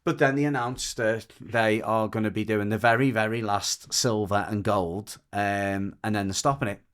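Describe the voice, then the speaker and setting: A man from the UK, a dog trainer guesting on a podcast, telling a story in rambling, animated casual chat full of restarts. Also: fairly low pitch, normal speed, clear, resonant tone. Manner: rambling and animated, with frequent restarts and lively mimicry of others.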